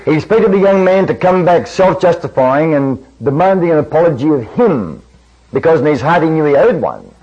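A man's voice: fairly high pitch, lively intonation, fairly quick, darkish tone, husky. A man preaching a sermon, telling a story in earnest and acting out the quoted dialogue. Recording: dull lo-fi old recording.

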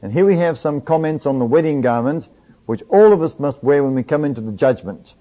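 A man's voice: fairly high pitch, expressive, a little fast. Earnest male preacher on a dull recording. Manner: earnest, emphatic, asks rhetorical questions. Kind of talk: sermon reading from books.

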